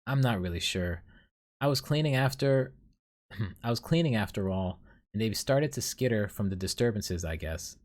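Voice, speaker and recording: A man's voice: on the low side, expressive, moderate pace, a little mellow. A man hosting a solo podcast, telling his dreams in a rambling, self-deprecating way with many fillers. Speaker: podcast host. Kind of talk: casual solo storytelling.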